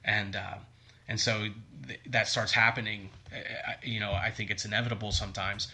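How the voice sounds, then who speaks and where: Fairly low and bright with a forceful edge, a man's voice holds a moderate pace with little pitch movement. Co-hosting a podcast in casual chat, he rambles and fills gaps with plenty of "like" and "um".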